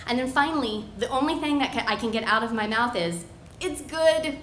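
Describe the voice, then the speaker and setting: A woman's voice: a little high, fast talker, bright, forceful tone, slight background noise. A woman in her thirties telling a personal story live on stage, acting out her own self-mocking inner voice. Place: bar with live audience. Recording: echoey room, faint ambience.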